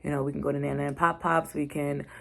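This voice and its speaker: Low, gravelly-voiced woman chatting frankly. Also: flat delivery, fast, a bit bright. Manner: frank, rambling, slangy. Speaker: podcast host, mother. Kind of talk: casual chat.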